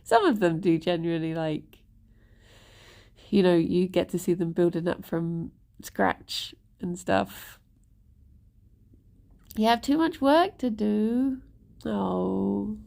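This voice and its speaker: A woman streams live in casual, rambling chat, greeting viewers and laughing often, and talks softly to her rabbits, sometimes whispering. Her mid-range voice is creaky, and she speaks slowly with frequent pauses.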